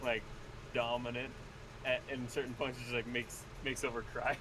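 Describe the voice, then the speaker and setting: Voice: medium pitch, flat delivery, background noise. A co-host on a drawing stream who chats casually and playfully and laughs easily. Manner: playful, giggly, quick to joke. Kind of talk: casual chat.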